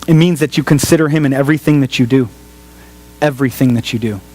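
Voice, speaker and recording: A man, a pastor, preaching a sermon in an animated storytelling way, repeating phrases for emphasis. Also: medium pitch, quick pace, poor audio. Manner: animated storyteller, acts out voices of family and friends.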